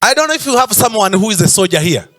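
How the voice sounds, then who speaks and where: A man's voice: sits high, very animated, fast, a bit bright. A man preaching a sermon in church, stretching out emphatic phrases and sometimes breaking into a sung tone. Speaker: pastor.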